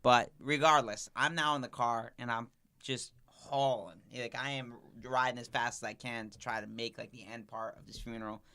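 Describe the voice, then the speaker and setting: A man's voice: mid-range voice, fairly even intonation, normal speed, pushed and bright, clear, resonant tone. A male comedian on a podcast, telling a story in a loose, rambling way full of restarts and fillers. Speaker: comedian guest.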